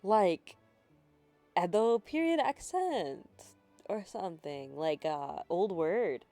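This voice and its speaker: A woman's voice: lowish voice, animated, slow pace, gravelly, mellow, soft background music. A young woman streaming a game, chatting casually in a rambling, giggly, self-deprecating way, swearing and apologizing, on a handheld mic at home. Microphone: handheld mic, no desk.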